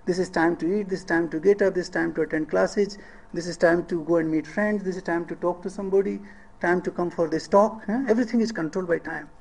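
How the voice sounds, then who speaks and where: This middle-aged man with an Indian English accent gives a public lecture in a high, fast, creaky voice that's a little mellow and slightly rough, on a rough recording. He often poses rhetorical questions and checks in with the audience by asking "eh?".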